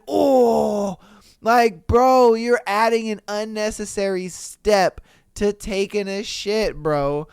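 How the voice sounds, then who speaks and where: Young male podcast host, higher-pitched, clear, dry sound; laughs and swears constantly while reading posts. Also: slow, dry recording. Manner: profane, laughs often, reacts loudly. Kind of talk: casual commentary reading listener posts.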